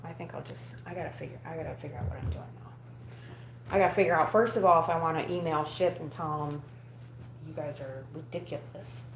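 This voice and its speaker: A woman rambles bluntly to her live-stream viewers, cursing freely. Her voice sits a little low, and the room around her is echoey, with a faint hum behind it. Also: fairly even intonation, fast talker, creaky. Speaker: vlogger talking to a live audience. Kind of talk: casual live-stream chat. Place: home at night.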